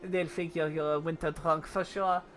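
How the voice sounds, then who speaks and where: A woman's voice: deep voice, fairly even intonation, normal speed, soft background music, close to an everyday voice. A woman voicing a chatty villager in a game with a put-on French accent, tacking "eh?" onto her sentences. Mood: chummy. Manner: folksy, tacks on "eh?". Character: chatty folksy villager in a snowy town.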